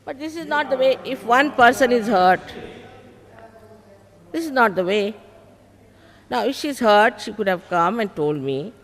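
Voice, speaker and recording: In a large public hall with long reverb, an older spiritual teacher with a slightly high, animated, fairly bright voice speaks unhurriedly and pauses often. She firmly scolds during a heated exchange with the audience, repeating herself.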